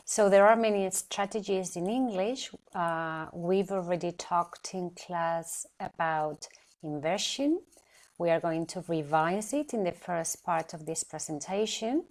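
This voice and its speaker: A woman teaching an English grammar lesson in a measured, explanatory way, often checking in with "okay?". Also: lowish voice, darkish tone. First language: Spanish. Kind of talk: recorded lesson presentation.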